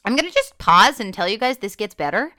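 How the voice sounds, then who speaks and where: A woman's voice: medium pitch, very animated, fairly quick, pushed and bright, no room sound, clean studio sound. A woman hosting a sobriety podcast, talking frankly and profanely in an unscripted, self-reflective solo monologue.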